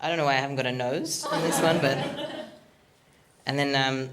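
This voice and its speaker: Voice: mid-range voice, steady tone, brisk, fairly bright tone, a little hiss or hum. A stand-up comedian doing a rambling, awkward, self-deprecating set with lots of ums, from Australia, recorded on a comedy studio stage.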